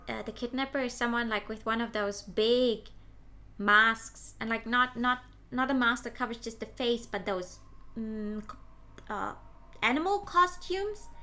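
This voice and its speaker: Woman doing a giggly, chirpy young woman, very high and bright, rambling. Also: a little slow, a little hiss or hum.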